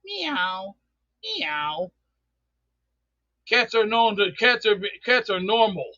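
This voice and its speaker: Blustering high-voiced man on a dull line. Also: steady tone, normal speed, pushed and bright, no room sound. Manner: grumpy, blustering, repeats himself. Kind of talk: ranting call-in banter.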